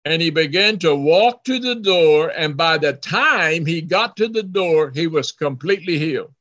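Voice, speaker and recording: Guy preaching in short bits w/ pauses for a translator, high bright voice, gets loud acting out the hollering, kinda dull lo-fi sound. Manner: animated, acts out hollering voices. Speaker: preacher telling a story. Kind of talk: sermon storytelling with live interpreter.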